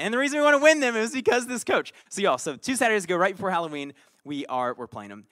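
Animated, fairly high-voiced male preacher. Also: fast. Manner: animated storyteller, swings between quiet asides and loud bursts. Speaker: pastor. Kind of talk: conversational sermon with personal story.

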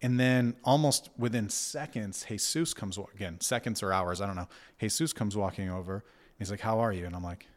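A man in his thirties telling a personal story in casual conversation, reflective and halting, with many fillers and restarts. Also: lowish voice. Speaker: guest recounting an experience.

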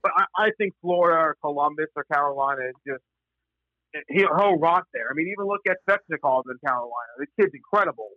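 A man's voice: a little high, dry recording, dull audio. A man talking hockey in a casual panel chat, stumbling and restarting as he argues his points. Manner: halting, many restarts.

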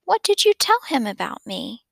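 A woman reading the part of a shy, anxious young boy in a soft, half-whispered voice. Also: fairly high pitch, sing-song, normal speed, creaky, no room sound, clean studio sound, heavily acted. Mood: anxious, pleading.

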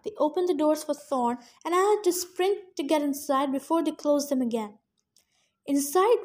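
High-voiced woman reading a novel aloud. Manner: plain narration with chatty asides about her own misreadings. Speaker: reader.

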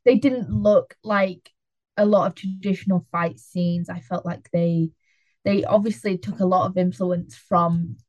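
A woman's voice: on the low side, fairly even intonation, a little slow, a little mellow. A young woman co-hosting a film review podcast, chatting enthusiastically and saying "like" a lot. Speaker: podcast co-host. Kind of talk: casual film review chat.

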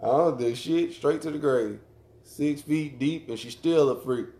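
A man with a fairly high voice trades crude jokes and loud stories with his co-hosts. He talks in a brash, profane way. The sound carries a roomy echo. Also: unhurried. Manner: loud, joking, profane storyteller. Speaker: podcast co-host. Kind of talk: crude casual banter.

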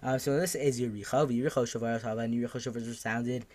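Male Talmud teacher, middle pitch, fast and halting: reads a phrase, translates, backtracks, moves on. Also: steady tone, darkish tone. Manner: reads Aramaic then translates, with fillers and self-corrections. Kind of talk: daf yomi Talmud class.

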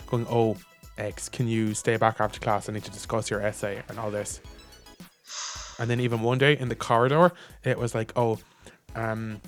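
A man's voice: on the low side, level tone, moderate pace, soft background music. A young Irish man chatting casually, wry, reading out emails and acting out teachers. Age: young adult. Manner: wry, reads out emails in mock voices. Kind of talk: casual chat.

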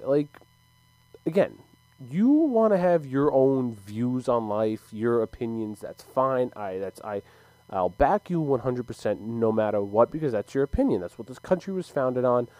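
A man's voice: medium pitch, very animated, normal speed, mellow, dry recording, rough recording. A young man ranting casually to camera, heated and profane, with frequent stumbles and restarts. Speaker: sports commentator.

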